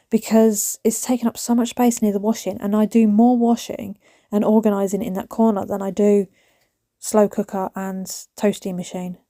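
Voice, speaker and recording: A woman's voice: medium pitch, warm tone, no room sound, clean studio sound. A woman in her thirties with a British accent, chatting casually to a phone camera at home while doing housework, rambling and often dropping to a whisper. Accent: British English. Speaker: vlogger. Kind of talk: casual chat while decluttering. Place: small home, indoors.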